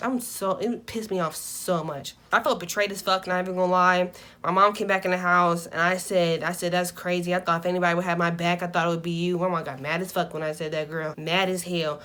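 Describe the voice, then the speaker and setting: A young woman vlogger telling a casual storytime, animated and profane, swinging between loud outbursts and muttered asides. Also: mid-range voice.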